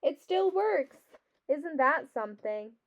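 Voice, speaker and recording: A woman's voice: high-pitched, lively intonation, slow pace, no echo. A woman voicing a chirpy, eager neighbor woman from a storybook, exclaiming, on a dull lo-fi recording.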